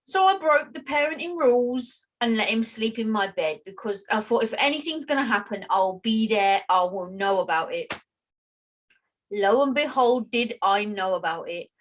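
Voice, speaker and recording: A British woman co-hosting a podcast, telling a story in a chatty, animated way over a remote call. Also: a little high, moderate pace. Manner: chatty, animated, self-deprecating. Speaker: podcast co-host. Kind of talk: casual chat, storytelling. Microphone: remote call with lag.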